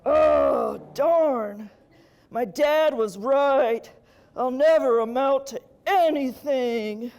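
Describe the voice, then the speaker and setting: A woman voicing a dim, boastful male devil who talks in loud, drawling dude slang. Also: sits high, very slow. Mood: sulky.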